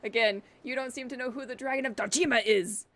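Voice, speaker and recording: A woman's voice: on the high side, fast talker, a bit bright, slight background noise. A woman streaming a video game, joking and teasing the characters on screen as she plays. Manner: jokey, teasing, talks back to game characters. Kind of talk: playful let's-play commentary. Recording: game music playing behind.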